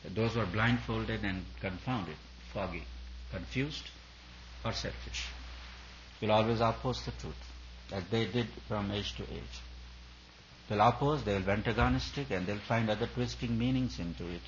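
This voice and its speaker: A man's voice: fairly low pitch, moderate pace, dull audio, slight background noise. A man, a spiritual teacher, giving an earnest discourse at a retreat, building his points through repeated emphatic phrases.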